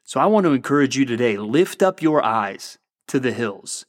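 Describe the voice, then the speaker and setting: A man giving an earnest, encouraging devotional, reading Bible passages slowly and warmly explaining them. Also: mid-range voice, expressive, dry recording, studio quality. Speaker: pastor. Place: Treasure Valley area, Idaho.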